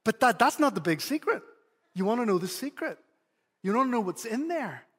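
A man's voice: very high voice, very animated, brisk, a bit bright, slightly rough, long reverb tail, voice pushed up, exaggerated voice. A preacher voicing his seven-year-old son as an earnest boy eagerly telling a secret. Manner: eager, insistent, correcting.

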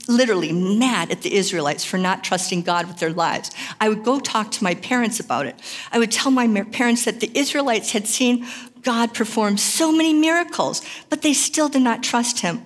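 A woman's voice: fairly high pitch, big-room sound. A woman giving an earnest, emphatic chapel sermon that mixes scripture with personal testimony. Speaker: chapel speaker.

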